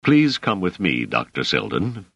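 A man reading an audiobook, voicing a large, formal soldier-sergeant who speaks in slow, stolid, measured syllables. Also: low voice, huge pitch swings, vocal fry, fairly bright tone, slightly rough, no room sound, highs cut off, full character voice. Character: gruff, commanding soldier-sergeant with slow rolling bass.

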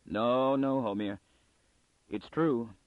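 Man reading a steady, firm male leader. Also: medium pitch, takes it slowly, no echo, natural voice. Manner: steady, reassuring. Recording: dry, phone-like narrow sound.

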